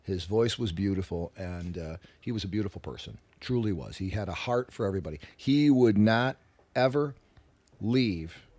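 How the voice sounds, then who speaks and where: Deep-voiced profane rock musician. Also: male voice, normal speed. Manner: animated, profane, acts out quoted voices. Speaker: interview guest, rock musician. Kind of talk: casual radio interview storytelling. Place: radio studio.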